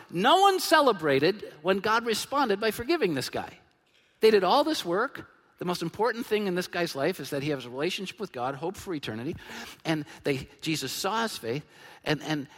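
A man in his fifties preaching a sermon as pastor, emphatic and animated, dropping to a hush and then bursting out loud. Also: high voice. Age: 50s. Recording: long hall reverb.

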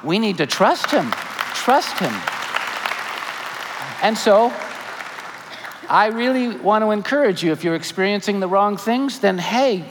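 Animated preaching man in a reverberant hall. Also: high voice, a little slow, pauses often, a faint crowd, a little hiss or hum. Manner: animated, joking asides, drops to soft earnest appeals. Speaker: pastor. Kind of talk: sermon. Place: church sanctuary. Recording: church hall reverb, faint ambience.

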